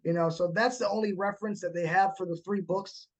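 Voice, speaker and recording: A man hosting a casual horror podcast chat, animated and quick to act out scenes he describes. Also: sits high. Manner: animated, acts out movie moments with laughs. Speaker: podcast host.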